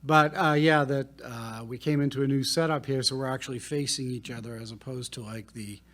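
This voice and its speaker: A man co-hosting a casual studio podcast, talking in a relaxed, rambling way with lots of fillers. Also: medium pitch, brisk. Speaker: podcast co-host. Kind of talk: casual chat. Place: recording studio.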